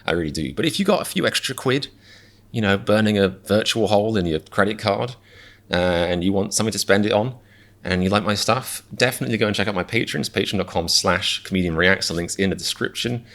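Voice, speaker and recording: Casual male host, deep voice, rambling and self-deprecating outro chat. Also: fairly quick, fairly bright tone. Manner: chatty, self-mocking, rambling asides. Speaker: reaction channel host.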